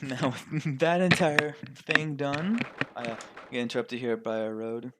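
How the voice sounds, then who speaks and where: A man's voice: medium pitch, measured pace, heavy background noise. A man giving casual, joking asides while voicing a game playthrough. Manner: joking, offhand. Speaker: let's play voice-over host.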